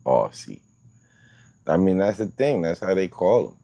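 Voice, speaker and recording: A man's voice: deep voice, big pitch swings, a little slow, vocal fry, dark tone, no echo, dull audio. A man hosting a livestream, chatting casually with viewers in loose, profane, rambling banter. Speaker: livestream host.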